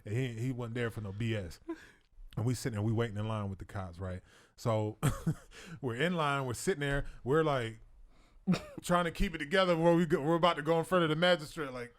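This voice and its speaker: A man telling a story in casual chat on a talk show, animated and often laughing as he acts out other people's lines. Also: medium pitch, a little fast.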